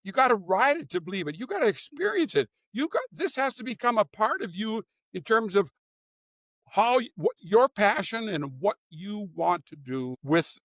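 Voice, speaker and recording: A man's voice: sits high, sing-song, normal speed, a bit bright, no room sound. An older man, a former executive, telling stories in a conversational interview, often restarting his sentences. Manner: storytelling with frequent restarts.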